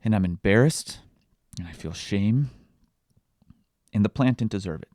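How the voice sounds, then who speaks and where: Candid, halting man with a low voice. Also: animated, no echo, clean studio sound. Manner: candid, halting, with many fillers and restarts; quietly emotional, reflective. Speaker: parenting podcast host. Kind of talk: confessional solo podcast monologue.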